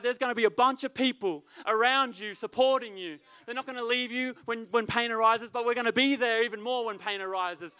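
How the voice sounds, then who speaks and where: A man's voice: extremely high pitch, pushed and bright, clean tone. A man preaching as youth leader, with emphatic, repetitive delivery. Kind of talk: sermon.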